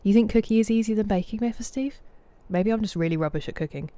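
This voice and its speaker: A woman's voice: mid-range voice, quick pace, hardly any pauses, dark tone. A British woman streaming a game, chatting casually and greeting her viewers by name. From Britain. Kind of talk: casual chat with viewers while gaming.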